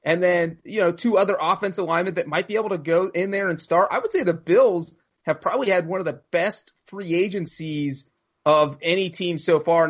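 A man's voice: on the high side, a bit bright. A man co-hosting a sports podcast, casually breaking down signings with lots of numbers. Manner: stat-heavy, fast analysis. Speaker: podcast co-host. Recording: dull, lo-fi audio.

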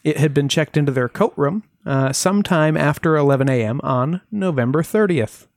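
Brief: podcast storyteller, average pitch, deadpan asides, dry studio sound. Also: dry recording. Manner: wry, dry asides with filler pauses. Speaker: podcast host. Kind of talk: casual chat, telling a true-crime case.

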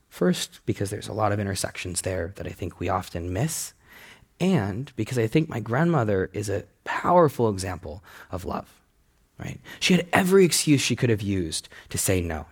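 Lively young man telling a story. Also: normal speed, breathy edge. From United States. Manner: animated, laughing storyteller who jumps up in pitch. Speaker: speaker giving a talk. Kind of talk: personal storytelling talk.

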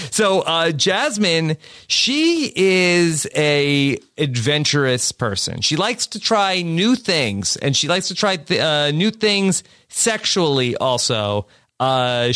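A man co-hosting a casual podcast, talking in halting bursts with many uh's and quick laughs. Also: on the high side, very animated, pushed and bright, dry recording, clean studio sound. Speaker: podcast co-host.

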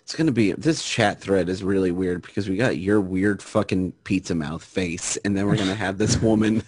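A man's voice: low voice, normal speed, a little mellow, breathy edge, no room sound. A young man co-hosting a podcast over a remote call, sarcastic with dry humor. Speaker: podcast co-host. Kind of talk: casual podcast chat. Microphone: remote call, unstable connection.

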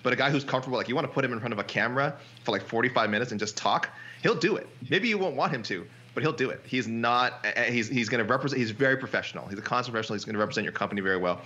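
Brief: male podcast co-host, quick animated banter, bright voice, dull lo-fi recording. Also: medium pitch. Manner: animated, joking, repeats himself. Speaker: MMA reporter and podcast co-host. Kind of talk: casual chat.

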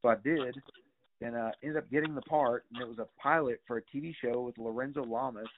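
Here a middle-aged guest with a medium-pitched voice speaks fairly quickly, rambling through casual stories with many fillers and some cursing. Slight background noise sits under the tinny, phone-like sound.

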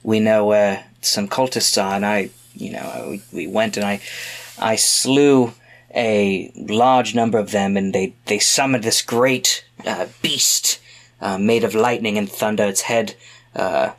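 A man's voice: on the low side, fairly even intonation, measured pace. A man earnestly playing his character in a tabletop game. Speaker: player.

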